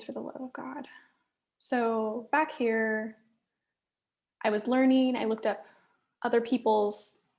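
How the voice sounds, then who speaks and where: Slow gravelly woman, frustrated and swearing. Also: fairly high pitch, darkish tone. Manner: slow, halting and frustrated, swearing, dropping at times to a muttered whisper. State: angry and stressed. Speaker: solo business vlogger reviewing her own work. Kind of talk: candid solo business check-in.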